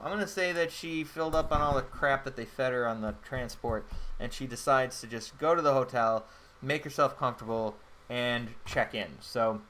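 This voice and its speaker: A man's voice: mid-range voice, sharp tone. A man playing a solo tabletop game on his channel, thinking aloud in a rambling way with many fillers. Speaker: solo game player and host. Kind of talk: solo tabletop game play-through narration.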